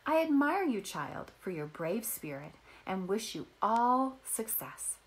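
A woman's voice: mid-range voice, sing-song, slow pace, low-quality recording. Woman voicing a kindly farm woman. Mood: fond. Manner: warmly motherly, firm but gentle. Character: kind, hearty farm woman.

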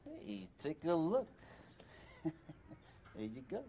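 A man's voice: a little high, wildly swooping pitch, slow pace, dark tone, slight background noise, exaggerated voice. A man voicing a shifty small-time street hustler with wheedling sales patter. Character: sleazy small puppet street hustler selling words.

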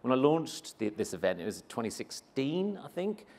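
A man's voice: mid-range voice, sing-song, normal speed, a little mellow. A man moderating a conference panel, playful and teasing as he presses for answers. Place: conference stage before an audience.

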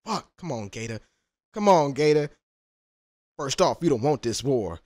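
A man's voice: medium pitch, expressive, moderate pace, darkish tone. A man reacting to a rap track, talking in a casual, profane, trash-talking way. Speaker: music reaction YouTuber.

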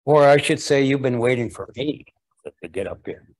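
A man's voice: mid-range voice, lively intonation, moderate pace, voice pushed up. A man doing a vain, bragging young suitor. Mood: boastful. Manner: bragging, smooth-talking.

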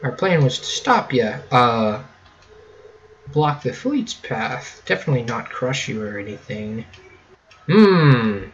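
A man's voice: medium pitch, big pitch swings, slow pace, dull audio, slight background noise. A man reading a game character's lines aloud in a hammy mock Irish brogue. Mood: mock-stern.

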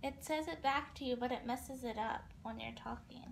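A young adult woman, the daughter, calmly explaining things in a casual family vlog. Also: high voice, moderate pace, vocal fry, slight background noise.

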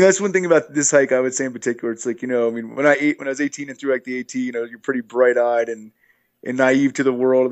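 A middle-aged man, a long-distance hiker, telling stories in an easygoing, rambling way as a podcast guest. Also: medium pitch. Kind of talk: casual storytelling interview.

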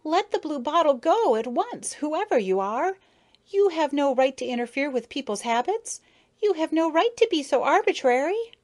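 A woman voicing a brave little young female honeybee in a storybook reading, high and earnest. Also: sing-song, normal speed, darkish tone. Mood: indignant. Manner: high, pleading then fiercely defiant.

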